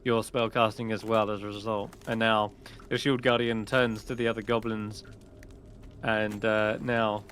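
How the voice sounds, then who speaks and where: A man narrating a tabletop game as game master, lively and quick to laugh. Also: on the low side, a little hiss or hum.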